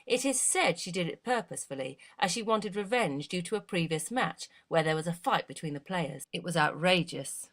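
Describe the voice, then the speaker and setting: A woman's voice: on the low side, lively intonation, moderate pace, few pauses, fairly bright tone. A young woman hosting an interview, reading a formal scripted introduction. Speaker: interview host.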